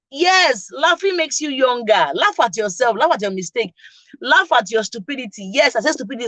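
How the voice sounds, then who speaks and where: Nigerian lady hosting a chatty show, higher voice, dry close sound, laughs a lot and teases the viewers. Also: fairly bright tone, no echo. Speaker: podcast host. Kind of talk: casual chat to viewers.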